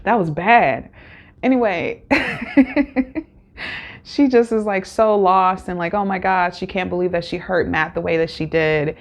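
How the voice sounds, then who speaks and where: A woman's voice: fairly low pitch, a little slow. A woman hosting a casual solo recap, talking candidly with many fillers and acted-out quotes. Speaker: show recap host.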